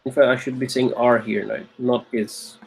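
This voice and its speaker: A man's voice: mid-range voice, little pitch movement, normal speed, vocal fry, slightly rough. A man teaching a recorded Arabic grammar lecture, patiently repeating key phrases and often checking with "okay?".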